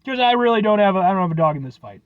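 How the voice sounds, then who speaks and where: A man's voice: sits high, lively intonation, rapid-fire, clear, resonant tone, no room sound, highs cut off. A man reviewing snacks on his vlog, rambling and joking, swearing casually as he signs off. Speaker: food review vlogger.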